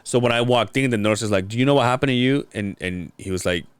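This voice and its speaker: A man's voice: medium pitch, fast talker, clean tone, no echo. A man hosting a casual podcast, telling a long story with many stops and restarts. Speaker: podcast host.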